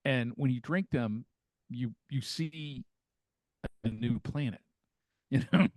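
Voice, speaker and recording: A man's voice: medium pitch, takes it slowly, a little mellow, no room sound. Rambling older man telling stories. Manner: rambling storyteller who acts out quoted voices. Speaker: podcast guest, the father. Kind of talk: casual family chat.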